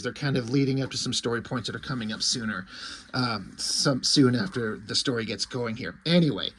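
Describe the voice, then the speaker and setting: A man's voice: mid-range voice, fairly quick, a bit bright, husky. A man reviewing a comic book in casual chat, rambling, joking and swearing.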